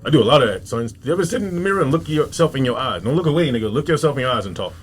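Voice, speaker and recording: A man's voice: mid-range voice, expressive, rapid-fire, slightly rough. A man, a comedian, talking emphatically with heavy slang and profanity in a casual podcast chat.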